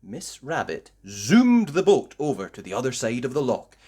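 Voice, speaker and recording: A woman reading a children's storybook aloud with slow, expressive, sing-song delivery. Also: extremely low pitch, noisy background. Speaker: story reader.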